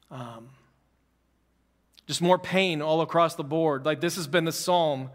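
High-voiced preacher in a reverberant room. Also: male voice, a bit bright. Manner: conversational, fervent preaching with repetition. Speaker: pastor. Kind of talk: sermon.

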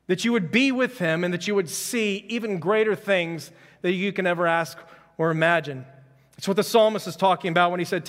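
A man's voice: sits high, a bit bright, long reverb tail. A man preaching a conversational sermon as pastor, reading scripture and adding joking asides. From Houston, Texas.

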